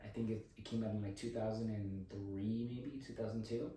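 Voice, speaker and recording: An easygoing man rambles through a loose podcast chat and laughs often. He is heard from a distance in a very echoey room with faint background noise. His voice sits at a middle pitch. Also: steady tone, brisk, mellow. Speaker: podcast co-host. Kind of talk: casual chat.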